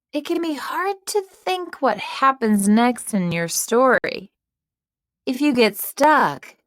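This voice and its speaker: A woman narrator guides children through writing a fairy tale, speaking very slowly and clearly. Her pitch moves in a lively way, as in storybook reading. The voice-over is dry and close-miked. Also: no echo. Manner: slow, clear, storybook delivery. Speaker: teacher narrator.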